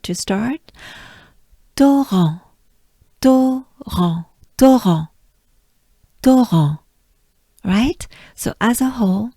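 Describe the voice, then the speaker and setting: A woman from France with a French accent, teaching pronunciation slowly and patiently, repeating each sound for the listener to copy. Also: mid-range voice, vocal fry, mellow, breathy edge, no echo, studio quality. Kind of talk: pronunciation lesson with repetition drills.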